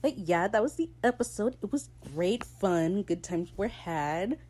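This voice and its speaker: A woman hosting a casual solo podcast recap, chatting in a gushing, excitable fan manner. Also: medium pitch, measured pace, poor audio. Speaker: podcast host.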